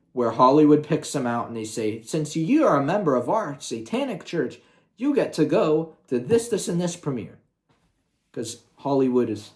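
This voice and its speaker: A young man ranting heatedly on his video channel, swearing often and sounding combative. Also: on the low side. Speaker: YouTuber.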